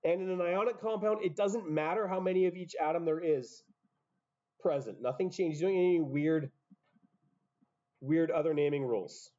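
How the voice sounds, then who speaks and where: A man's voice: on the high side, normal speed, dark tone, lo-fi sound. A man teaching a chemistry class, explaining step by step with offhand asides. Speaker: high school chemistry teacher. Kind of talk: classroom lecture.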